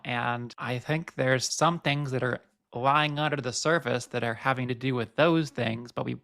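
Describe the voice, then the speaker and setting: A man's voice: mid-range voice, normal speed, gravelly, fairly bright tone. A man co-hosting a podcast, thinking aloud in a reflective, conversational way and asking follow-up questions. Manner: thoughtful, musing aloud, asks follow-up questions. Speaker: podcast co-host.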